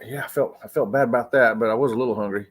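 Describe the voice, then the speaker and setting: A man's voice: medium pitch, fairly even intonation, rapid-fire. A man from Florida hosting a casual travel livestream from a hotel room, chatty and laughing often, calling his viewers y'all. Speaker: travel channel host.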